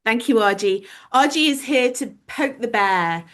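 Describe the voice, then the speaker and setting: A woman's voice: fairly high pitch, expressive, a little slow, fairly bright tone. A woman hosting a live awards ceremony, effusive and full of filler words. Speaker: host.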